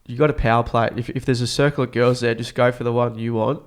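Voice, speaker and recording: A man's voice: mid-range voice, fairly even intonation, fast talker, clean tone. Laid-back young Australian man chatting. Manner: laid-back, slangy, trails off mid-sentence. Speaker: podcast co-host. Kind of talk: casual chat.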